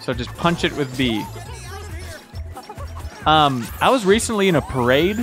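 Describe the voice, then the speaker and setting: A man co-hosting a casual chat while playing a party game, telling stories in an animated, jokey way. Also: a little high, unhurried, soft background music. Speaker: co-host.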